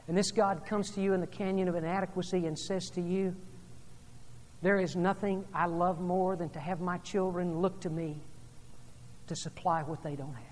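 A woman preacher delivering a sermon, telling a story and then speaking in hushed, earnest tones. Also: on the low side, fairly even intonation, fairly quick, a little hiss or hum. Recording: long hall reverb.

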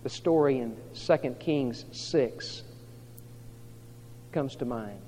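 A man preaching a sermon, telling a story dramatically as he swings from hushed to loud. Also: medium pitch, slow, slight background noise. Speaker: pastor. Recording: reverberant hall, dull lo-fi sound.

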